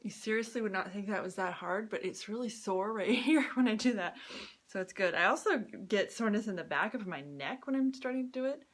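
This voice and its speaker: A woman chatting casually on a live video as she demonstrates her own exercises, upbeat and quick to laugh. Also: mid-range voice, expressive. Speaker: vlogger sharing her own experience. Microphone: phone or camera close up.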